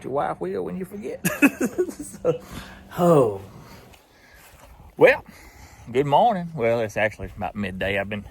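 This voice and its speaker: Young guy, casual vlog host, animated delivery, light background noise. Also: medium pitch. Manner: laughing, animated, folksy. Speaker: outdoors vlogger.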